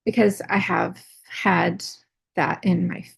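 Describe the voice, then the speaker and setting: A woman's voice: on the low side, fairly even intonation, takes it slowly, vocal fry, slightly rough, no echo. A woman in her forties, out of breath, telling a personal story in a rambling way, full of fillers and restarts. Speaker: artist vlogger.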